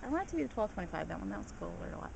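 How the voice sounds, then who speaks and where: An excitable woman chats casually on a back deck, her pitch swinging widely with a gravelly edge. She sounds like a home camera recording, with clear outdoor noise and passing trains behind her. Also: very fast, lo-fi sound. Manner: excitable, laughing often. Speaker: train watcher. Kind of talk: casual chat.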